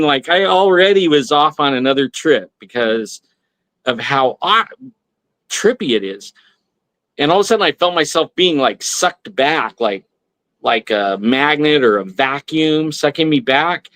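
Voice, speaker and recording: A man's voice: on the high side, fairly bright tone. A man telling a personal story on a talk radio show, rambling with many restarts and fillers. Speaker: guest. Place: radio studio.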